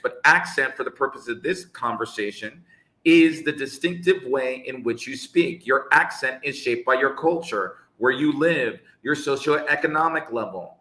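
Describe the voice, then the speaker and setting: Emphatic man, echoey bright voice. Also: medium pitch. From United States. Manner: emphatic, preachy, rhetorical questions. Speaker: English teacher, co-host. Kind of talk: live conversational discussion.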